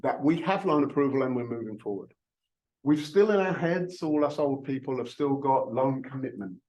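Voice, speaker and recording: A man's voice: mid-range voice, expressive, normal speed, a little mellow, poor audio. Older guy broker cracking jokes at himself, talks to a room of agents. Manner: self-mocking, jokey, repeats and restarts words. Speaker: real estate broker. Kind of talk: joking training talk to an audience. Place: room with a live audience.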